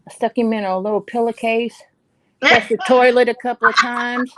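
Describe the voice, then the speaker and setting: A woman's voice: a little high, steady tone, moderate pace, fairly bright tone. A woman chatting casually and telling funny stories about her family and pets. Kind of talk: casual storytelling.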